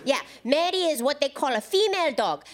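A Korean American woman doing a stand-up comedy set, telling stories in a wry, deadpan way. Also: sits high, a little fast. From United States.

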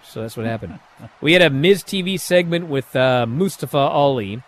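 A man casually recapping a wrestling show, animated and sarcastic, acting out quotes with sudden bursts. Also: mid-range voice, normal speed.

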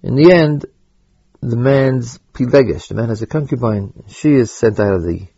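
A man teaching a Torah lesson, halting and repeating words as he thinks aloud, with Hebrew terms mixed in. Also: mid-range voice, expressive, gravelly, mellow, breathy edge, no room sound, muffled recording. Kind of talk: spoken Torah lecture.

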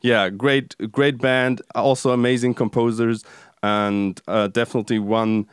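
A man with a smooth, resonant voice introduces his guest's projects in a casual, halting way. The recording is dry and close, with no room sound. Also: mid-range voice, steady tone, no room sound. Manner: hesitant, many ums and uhs. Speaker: podcast host. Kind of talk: casual interview hosting.

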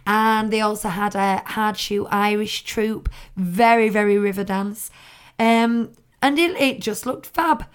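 A woman co-hosts a fan podcast in easy, chatty talk. She laughs often and pokes fun at herself, in a mid-pitched voice. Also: unhurried, clean tone. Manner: chatty, laughing, self-mocking. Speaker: podcast co-host. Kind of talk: casual chat.

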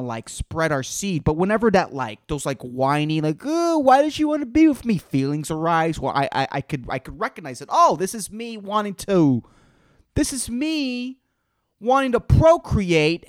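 A man's voice: sits high, no echo. A man rambles through a solo podcast in a voice that swoops up and down with animation. He talks like a stand-up comic, loose and profane and full of fillers. The sound is dry and close, with no room around it. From Puerto Rico. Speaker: podcast host and stand-up comedian.

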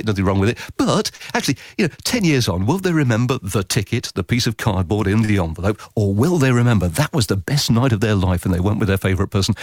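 A man answering interview questions about radio writing, animated and chatty, often acting out imagined voices. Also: no echo, clean studio sound. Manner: animated, quotes imagined voices with big pitch leaps.

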